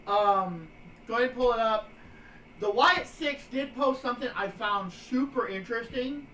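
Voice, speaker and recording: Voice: medium pitch, moderate pace, fairly bright tone. Roomy, distant streamer rambling wrestling news. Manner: meandering, reads news items with fillers. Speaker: streamer co-host. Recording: roomy, distant from mic, faint noise.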